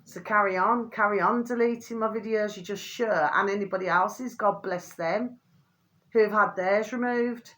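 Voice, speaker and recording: A woman's voice: normal speed, a bit bright. A woman hosts a rambling vlog, talking straight to her viewers. She heaps endearments on them, swears mildly, and her voice rises sharply when she gets worked up. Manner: rambling, keeps calling viewers "my delicious little babies"; mild euphemistic swearing, pitch climbs when indignant. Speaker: channel host.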